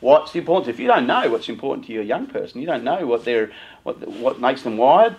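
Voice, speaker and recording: Speaking a little fast in a medium-pitched voice, a middle-aged man addresses parents with a lively motivational talk drawn from his youth work. He mimics parents and teenagers along the way. The recording is rough.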